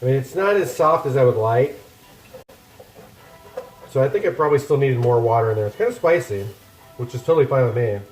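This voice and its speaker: Guy cooking in his kitchen and rambling to chat, kinda self-deprecating, some quiet music playing. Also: mid-range voice, expressive, a little fast, pauses often, echoey room. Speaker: cooking streamer. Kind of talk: casual cooking chat with live chat. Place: home kitchen.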